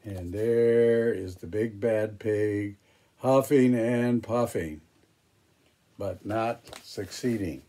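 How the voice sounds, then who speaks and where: A man reading a picture book aloud, pausing for chatty, hesitant asides about the pictures. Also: on the low side, warm tone. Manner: hesitant, with fillers and restarts. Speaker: storybook reader.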